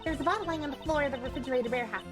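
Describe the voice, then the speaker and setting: A man's voice: very high voice, racing, voice pushed up. Man doing a chirpy young girl sidekick. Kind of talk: reading game dialogue aloud. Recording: game music behind.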